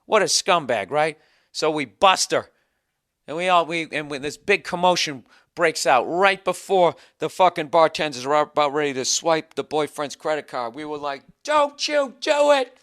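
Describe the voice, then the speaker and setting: A man's voice: fairly high pitch, moderate pace, a bit bright. Gleeful, profane male storyteller. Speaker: stand-up comedian.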